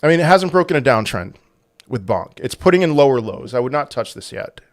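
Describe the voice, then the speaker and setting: A man in a mid-range voice hosts a casual livestream and answers chat questions. He talks in halting bursts with many restarts, and his voice goes louder and sharper when he gets heated. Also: mid-range voice, very animated, no room sound, studio quality. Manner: halting, full of restarts, turns loud and heated when angry. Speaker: crypto livestream host.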